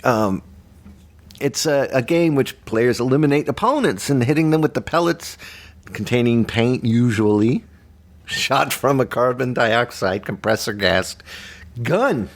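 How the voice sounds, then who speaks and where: A man's voice: mid-range voice, expressive, measured pace. A man hosting a comic retro news chat, reading facts with dry jokes. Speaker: host of a retro journal show.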